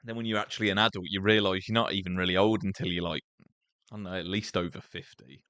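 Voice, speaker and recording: A man's voice: low voice, level tone, quick pace, bright, forceful tone, dry recording. A young man with an English accent chatting casually while streaming gameplay, laughing often and saying "mate" and "like" a lot. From England. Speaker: gaming streamer.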